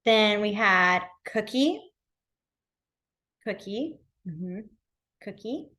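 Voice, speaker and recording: A woman's voice: medium pitch, fairly bright tone. A young woman teaching a beginners' class in a casual, chatty way, full of fillers like "um" and "like". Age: young adult. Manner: chatty, uses many fillers like "like" and "um". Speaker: sign language teacher. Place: library classroom.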